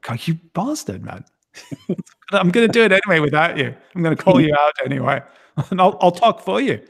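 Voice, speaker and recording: A man's voice: fairly high pitch, expressive, normal speed, gravelly, a bit bright. A man hosting a casual livestream, rambling and jokingly teasing his co-host. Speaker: streaming show host.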